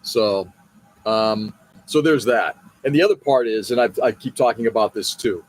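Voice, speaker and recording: A man's voice: lowish voice, moderate pace. A man from the United States hosting a live show, venting in a frustrated, blunt and profane way, often restarting his sentences. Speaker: podcast host. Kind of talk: casual political rant on a live show.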